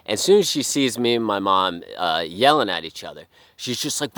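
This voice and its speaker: A man talking casually to camera, swearing often and rambling through restarts, sometimes sinking to a hushed whisper. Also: fairly low pitch, very animated, a little fast, dry recording, studio quality. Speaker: vlogger. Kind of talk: casual monologue.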